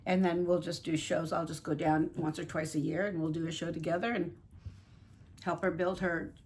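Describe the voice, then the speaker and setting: A woman's voice: on the low side, flat delivery, moderate pace, a little mellow, a little hiss or hum. A woman chatting casually while painting reborn dolls at her home craft table, rambling and fond. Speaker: reborn doll artist and channel host.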